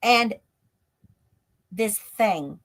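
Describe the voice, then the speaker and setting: On a stream call mic, a woman guest on a live stream tells a story during an interview. Her mid-range voice has lively intonation and drawn-out words, and she talks in a breathless run-on way packed with "like".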